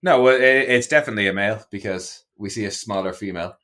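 A man's voice: on the low side, fast talker, fairly bright tone. An Irish man co-hosting a podcast in casual chat, laid-back and laughing often. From Ireland. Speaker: podcast co-host.

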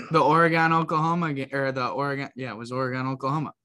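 A man's voice: mid-range voice, fairly even intonation, fast, pushed and bright. A man hosting a sports podcast in casual chat, talking loosely with many fillers. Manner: loose, filler-heavy, says "like" a lot. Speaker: podcast host.

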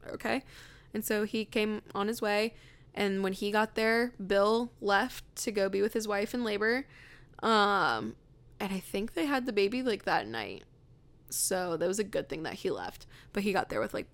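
A young woman chats through a story on her podcast with an easy, rambling manner. Her voice has plenty of fry, sitting at an ordinary pitch for a woman. She leans on "like" and plays out the lines of the people in her story. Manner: chatty, says "like" constantly, acts out quotes. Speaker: podcast host. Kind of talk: casual storytelling.

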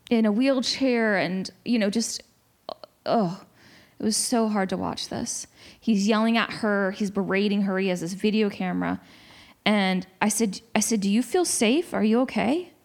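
Animated woman telling a story. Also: medium pitch. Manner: animated storytelling with many restarts. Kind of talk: casual discussion.

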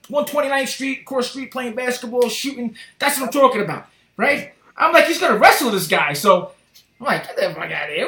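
A man hosting a podcast, telling stories in an animated, profane way. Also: high voice, roomy sound. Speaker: podcast host. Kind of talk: casual chat.

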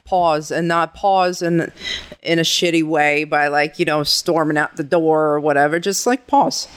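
Smooth, higher-voiced man, animated. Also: a little slow. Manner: animated, quotes himself, swears casually. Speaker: partner in a couple's talk. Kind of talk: casual conversation with partner.

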